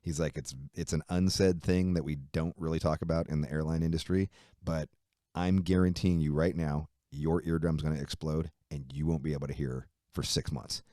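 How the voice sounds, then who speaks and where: A man with a very deep voice tells a long story in a loose interview, swearing freely and acting out what people said. The sound is dry and close, with no room in it. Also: normal speed, no room sound. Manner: swears freely, animated storytelling with quoted dialogue. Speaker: musician guest.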